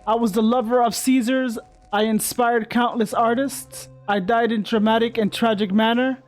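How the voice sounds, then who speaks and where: A man's voice: extremely high pitch, fairly even intonation, moderate pace, soft background music. A man voicing a vain, haughty female ghost queen, speaking grandly as he reads game dialogue aloud. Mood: grandiose. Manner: grand, self-important speech.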